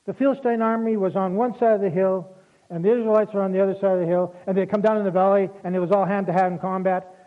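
Male preacher, high voice, conversational folksy sermon, tinny phone-quality recording. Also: fairly even intonation, fast. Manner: folksy, conversational storytelling with asides.

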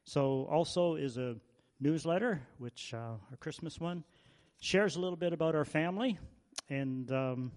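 A man, a visiting missionary, giving informal announcements to a church congregation, halting and repeating himself as he goes. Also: fairly high pitch, a little mellow, big-room sound.

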